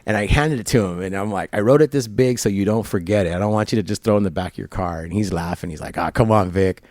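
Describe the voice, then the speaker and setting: Man, middle-aged, lowish voice, rambling, halting storyteller, barbershop interview, dry close sound. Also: a little mellow, no echo. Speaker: guest.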